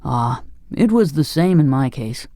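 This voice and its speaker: A man's voice: mid-range voice, lively intonation, a little slow, mellow, dry recording, studio quality. A man voicing a fussy, lofty straw-stuffed king in an audiobook. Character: pompous but kindly straw-stuffed king. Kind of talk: audiobook character voice.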